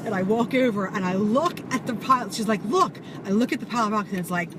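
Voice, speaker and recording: A woman telling a story to camera in an animated, casual way, swearing and full of fillers. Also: medium pitch, fast talker. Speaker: vlogger. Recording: audible background noise.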